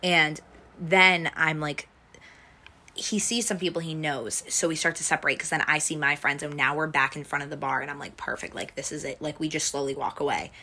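A young adult woman recounts a night out in loose, chatty storytelling, full of restarts and "like" fillers. Her voice sits low, yet it has a bright, forward edge. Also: fairly even intonation, a little fast. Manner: rambling, heavy use of "like" fillers, restarts. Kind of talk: casual storytelling chat.

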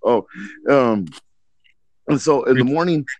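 This podcast co-host speaks slowly in a medium-pitched male voice, recorded lo-fi with no room sound. His story runs long and loose, full of swearing, and he does voices for the characters he describes.

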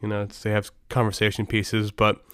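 A man's voice: fairly low pitch, monotone, fairly quick, fairly bright tone, clear, resonant tone, no room sound, clean studio sound. A middle-aged man hosting a podcast, telling stories in a rambling way with many restarts. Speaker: podcast host. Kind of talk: casual podcast storytelling.

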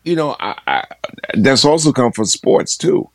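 A man's voice: mid-range voice, expressive, measured pace, no echo, studio quality. A man in his sixties, a guest in a casual interview, talking emphatically and repeating phrases for stress. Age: 60s.

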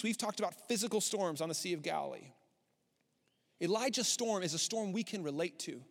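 A man in his thirties preaching a sermon as a pastor, animated and swinging up high when he voices a despairing prophet. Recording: long hall reverb.

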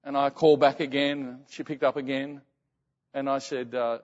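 A man preaching as a pastor, telling a story and often halting and repeating words. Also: medium pitch, flat delivery. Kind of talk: sermon storytelling. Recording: muffled sound in reverberant hall.

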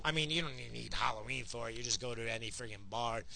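A man's voice: mid-range voice, fast, creaky, pushed and bright, slight background noise, rough recording. A man in his forties hosting his own podcast, rambling and swearing through a casual rant. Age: 40s. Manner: profane, rambling, ranting. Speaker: podcast host.

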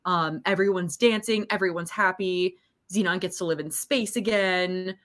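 A woman's voice: fairly low pitch, normal speed, fairly bright tone. Woman, podcast co-host, casual movie chat, playful, acts out scenes.

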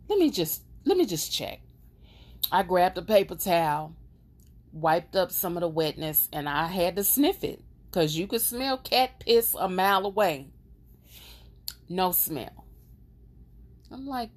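A woman tells a personal story on her own podcast at a slow, deliberate pace. Her delivery is emotional and expressive but stays casual and conversational. Her voice sits at a middle pitch. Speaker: podcast host.

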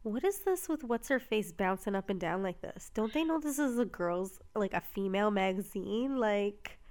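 A woman's voice: mid-range voice, lively intonation, normal speed, darkish tone. A woman co-hosting a podcast in casual chat, talkative, laughing often and swearing casually. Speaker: podcast co-host.

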